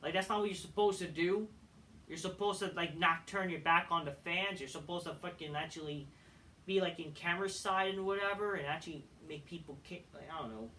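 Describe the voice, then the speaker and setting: A man's voice: a little high, a little fast, sharp tone, distant mic, slight background noise. A man reviewing a wrestling show in a blunt, profane rant with frequent restarts, recorded away from the mic. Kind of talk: ranting commentary.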